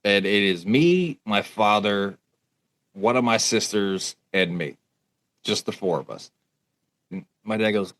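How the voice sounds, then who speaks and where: A West Virginia man in his thirties, co-hosting a podcast, tells a road trip story in casual chat, laughing and restarting as he goes. His voice is on the low side and expressive, at a moderate pace.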